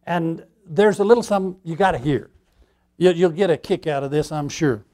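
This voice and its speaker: A man's voice: fairly high pitch, brisk, darkish tone. A man pastor preaching a sermon in a conversational way, putting questions to his congregation.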